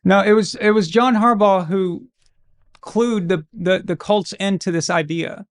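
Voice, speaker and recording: A man's voice: high-pitched, fairly even intonation, a little slow. A man from Arkansas hosting a live football watch-along stream, giving casual commentary full of crude, brash, mocking humor.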